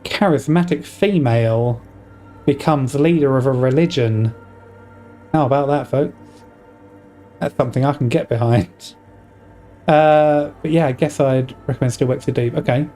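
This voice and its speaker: A man's voice: mid-range voice, moderate pace, pauses often, dark tone, faint music behind. A young man streaming a game, chatting casually with viewers, rambling and laughing often. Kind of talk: casual gaming commentary.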